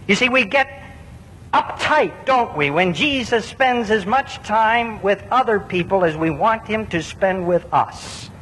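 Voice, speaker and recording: A man's voice: expressive, unhurried, a bit bright. Preacher man in a reverberant church. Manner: earnest, with emphatic repetitions and rhetorical questions. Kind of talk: sermon. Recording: long reverb with faint low rumble.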